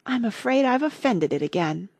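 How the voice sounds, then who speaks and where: A woman's voice: medium pitch, big pitch swings, husky, no echo, studio quality. A woman voicing a polite, curious young girl who talks eagerly and rambles. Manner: eager, rambling, quick to apologize.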